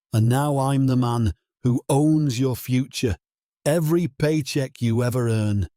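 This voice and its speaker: Calm, stern old judge, slow and mellow, measured and cutting, as a male narrator puts him on. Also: medium pitch, no room sound, clean studio sound, natural voice. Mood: cold, quiet.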